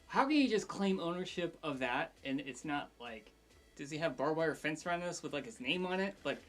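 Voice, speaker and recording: A man's voice: a little high, expressive, moderate pace, soft background music. A man co-hosting a casual tech chat, asking incredulous joking questions. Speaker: podcast co-host.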